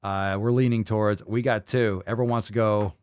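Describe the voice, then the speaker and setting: A man's voice: fairly low pitch, steady tone, fairly quick, clear, resonant tone, dry recording. A man hosting a podcast who reacts to clips in a mocking, profane, sarcastic way. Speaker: podcast host. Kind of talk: casual podcast reaction commentary.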